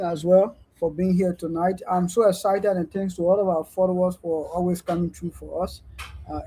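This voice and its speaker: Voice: mid-range voice, warm tone, husky, low-quality recording. Panel speaker on a stream, medium voice, wandering and repetitive delivery. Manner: discursive, keeps adding "right?". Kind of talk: online panel discussion. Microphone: remote streaming call.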